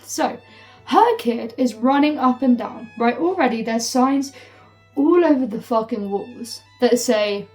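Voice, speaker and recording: A woman's voice: fairly high pitch, a little slow. Fired-up young woman ranting, swearing freely. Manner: swears freely, fills with "like", heated and animated. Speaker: storytime vlogger. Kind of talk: casual storytime rant. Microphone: phone. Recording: phone mic from a distance with faint music.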